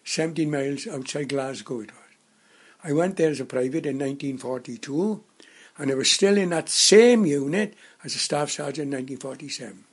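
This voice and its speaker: A man in his nineties reminiscing in casual conversation, a halting storyteller who rambles and restarts his sentences. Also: fairly high pitch, breathy edge. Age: 90s. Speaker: interviewee.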